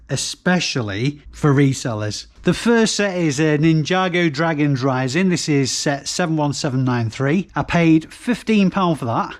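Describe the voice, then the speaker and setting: A chatty man with a Northern English accent talks through his finds in a casual, matter-of-fact way. His voice sits a touch higher than most men's. He reels off set numbers and prices one after another. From North West England. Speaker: reseller vlogger. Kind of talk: casual product rundown to camera.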